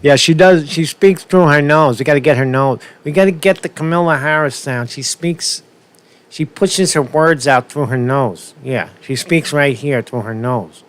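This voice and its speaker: A man's voice: fairly high pitch, moderate pace. A man with a New York accent giving a profane, rambling rant as he reacts to political clips, mocking and repeating himself as he goes. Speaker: commentary streamer.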